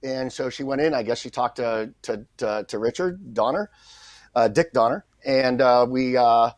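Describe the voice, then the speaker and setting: A middle-aged man, a guest actor on a podcast, telling a story in a lively way, acting out the people he quotes and often restarting his sentences. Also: medium pitch, moderate pace, no room sound. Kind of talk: anecdotal storytelling in a podcast interview.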